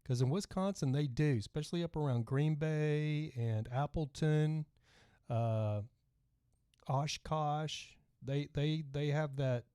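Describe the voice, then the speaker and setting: A middle-aged man with a soft Texan twang hosts a casual livestream podcast, rambling along and reading out comments from viewers. His voice is mellow and dark. The sound is dry and close, with no room echo. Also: fairly high pitch, takes it slowly, clear, resonant tone. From Texas. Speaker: podcast host.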